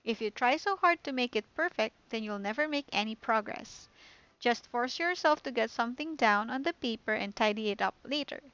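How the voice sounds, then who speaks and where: Woman reading a poised schoolgirl club leader from a game, gentle and calm, on a dull lo-fi mic. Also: on the high side, moderate pace, smooth, no room sound. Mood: friendly. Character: poised confident teen girl club president. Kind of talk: reading game dialogue aloud.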